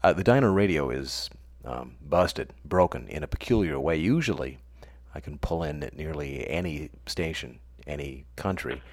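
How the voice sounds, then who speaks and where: A middle-aged American man hosts a radio show in a low, deep voice. His delivery is scripted but loose, full of dry, sardonic asides. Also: expressive, moderate pace. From United States. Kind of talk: scripted comic radio monologue.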